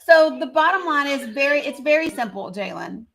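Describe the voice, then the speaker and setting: A woman's voice: high voice, expressive, normal speed, vocal fry, crowd noise. A woman hosting her own live stream, pressing a guest firmly and repeating her questions. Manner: firm, insistent, repeats questions, talks over interruptions. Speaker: livestream host. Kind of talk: heated livestream argument.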